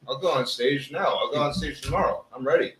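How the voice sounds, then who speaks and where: A man's voice: on the high side, a little fast, a bit bright. A man in his forties co-hosting a casual chat, laid-back and teasing. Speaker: podcast co-host. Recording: echoey room, faint hum.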